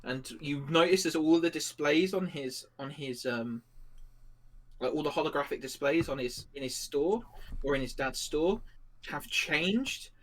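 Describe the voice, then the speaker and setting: A man's voice: fairly high pitch, animated, unhurried, fairly bright tone. A man narrating a tabletop game as game master, in a rambling style full of fillers. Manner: rambling, filler-heavy description.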